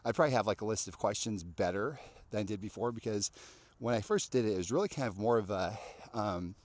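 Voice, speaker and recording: Podcast host, male, slightly low voice, loose and rambling delivery. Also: fast talker, dry recording. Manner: rambling, lots of fillers and restarts. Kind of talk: casual interview chat.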